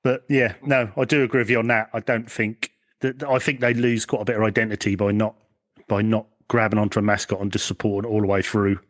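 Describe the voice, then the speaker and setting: A man's voice: fairly low pitch, flat delivery, quick pace. A man hosting a podcast in casual chat, agreeable, often repeating words and restarting sentences. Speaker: podcast host.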